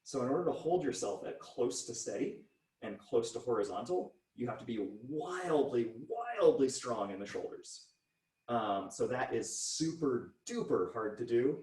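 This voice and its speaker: A man's voice: mid-range voice, big pitch swings, normal speed, a little mellow, slightly rough. A man teaching a casual online physics lesson, chatty and demonstrating with his body as he explains. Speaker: high school physics teacher.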